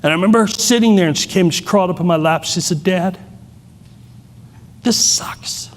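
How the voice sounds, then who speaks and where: A man's voice: high voice, fast talker. Middle-aged male keynote speaker, candid and self-deprecating, with a long reverb from a large hall. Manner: candid, self-deprecating storytelling with many restarts. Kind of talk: personal storytelling keynote.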